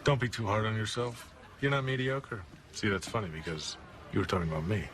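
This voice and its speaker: An actor playing an arrogant, self-assured star lawyer in a TV drama, cool and sarcastic, speaking in flat certainties. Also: male voice, fairly low pitch, fairly quick, slight background noise. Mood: smug. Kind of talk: TV drama acting.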